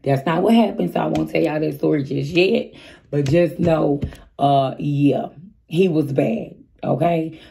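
A woman's voice: low voice, steady tone, slow pace, creaky, dark tone, a little hiss or hum. A woman in her thirties telling a storytime vlog in casual chat, candid and chatty, speaking straight to her viewers. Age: 30s. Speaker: vlogger.

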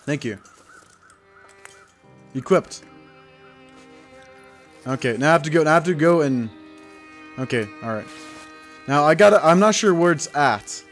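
Excitable young man rambling over gameplay. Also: on the high side, measured pace, long pauses, soft background music. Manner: rambling, self-mocking, jumpy and excitable. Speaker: gaming channel host. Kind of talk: let's play commentary.

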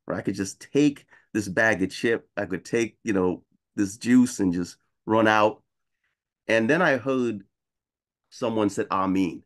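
On a video call panel, an American man with a lowish voice shares a personal story conversationally. He keeps checking in with "right?" and grows animated whenever he quotes other people.

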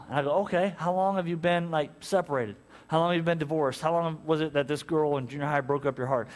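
Animated male pastor in a reverberant hall. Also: a little high, fairly quick. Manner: animated storytelling, acts out conversations. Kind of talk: sermon. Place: church sanctuary.

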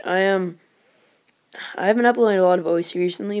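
Talking a little fast in a lowish voice, this woman pauses often as she commentates live on gameplay for her channel. Her manner is excitable and rambling, peppered with exclamations and whispered asides.

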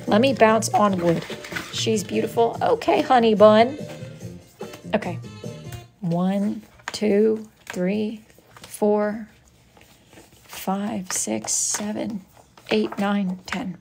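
A wood-burning artist hosts a casual live stream, reading viewer messages aloud in a dry, sarcastic, mock-scolding way. Her voice is mid-range, gravelly, and darkish, and she takes it slowly with frequent pauses over soft background music.

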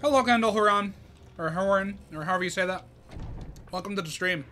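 A man's voice: high-pitched, a little fast, sharp tone, slight background noise. A man streaming a game, chatting casually, thinking aloud and greeting viewers by name. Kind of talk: casual live-stream commentary.

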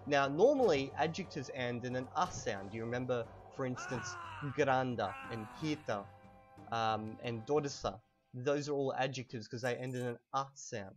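A relaxed young man talks through a casual lesson while he plays a video game. His pitch sits in a middling range, and he slows down to stress words clearly. Faint music plays behind him. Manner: relaxed, chatty, repeats words slowly for emphasis. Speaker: language teacher.

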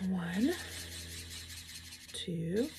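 A woman's voice: lowish voice, very animated, extremely slow, noisy background. A woman teacher giving a lesson to young children, patient and encouraging, sounding out words syllable by syllable.

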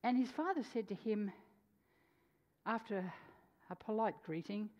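A woman preacher telling a story in a sermon, animated, swinging between loud and hushed delivery. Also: medium pitch, unhurried. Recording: dull lo-fi sound with long hall reverb.

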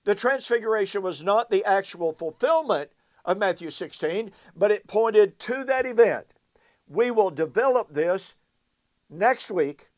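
Slow, emphatic high-voiced male Bible teacher. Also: lively intonation. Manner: emphatic, asks rhetorical questions.

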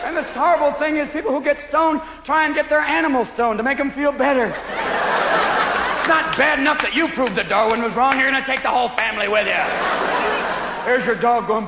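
A man's voice: extremely high pitch, brisk, very noisy. A man doing a stand-up comedy routine in a manic style, jumping between silly character voices. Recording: echoey live hall recording, roaring crowd. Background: audience laughing loudly.

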